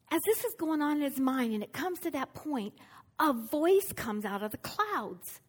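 A woman preaching a sermon, telling a story with energy and putting questions to her listeners. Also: high-pitched.

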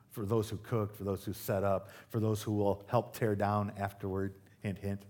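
A man's voice: on the low side, a little mellow. A man preaching a sermon to a church congregation, conversational and joking, with sudden emphatic rises. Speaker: pastor. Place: church service.

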